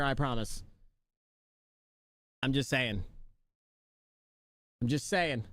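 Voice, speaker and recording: A man's voice: fairly high pitch, fairly bright tone, dry recording. A man live streaming, chatting casually and joking with his viewers, laughing often.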